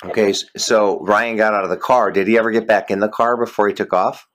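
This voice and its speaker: Deep-voiced hesitant male interviewer. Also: fairly even intonation, fast, fairly bright tone. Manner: hesitant, careful questioning with many fillers. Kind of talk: phone interview.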